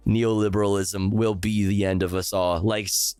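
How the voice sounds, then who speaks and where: A man's voice: fairly low pitch, flat delivery, normal speed, few pauses, a little mellow, smooth, no room sound, soft background music. A male streamer ranting sarcastically and with heavy profanity while reacting live to a news clip.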